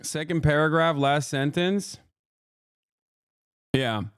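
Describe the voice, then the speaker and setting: A man's voice: a little high, slow pace, smooth, dry recording, clean studio sound. A man streaming live, commenting on clips in a rambling, emphatic way and talking to his chat.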